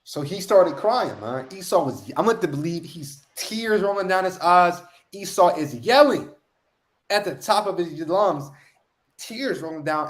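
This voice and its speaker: A man's voice: high voice, lively intonation, a little slow. A man leading a street-style scripture lesson, emphatic and slangy, with repeated catchphrases. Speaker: lead street teacher.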